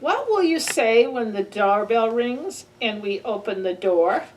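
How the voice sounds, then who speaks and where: A woman's voice: a little high, expressive, measured pace. A woman reading the part of a patient mother who soothes her hungry child in a storybook. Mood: soothing. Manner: soothing, reassuring. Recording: distant mic with faint ambient noise.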